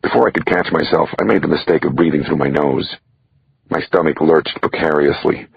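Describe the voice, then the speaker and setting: A man with an extremely deep voice reads a thriller audiobook in wry first person, his tone gravelly and very husky. He goes a little fast. The audio is dry and slightly dull, with a lo-fi feel.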